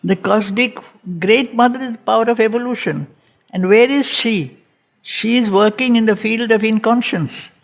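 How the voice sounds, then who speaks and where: A woman's voice: fairly high pitch, normal speed. A woman teaching a reading group, giving a spiritual lecture on a poem and repeating phrases for emphasis. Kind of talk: slow spiritual lecture on poetry.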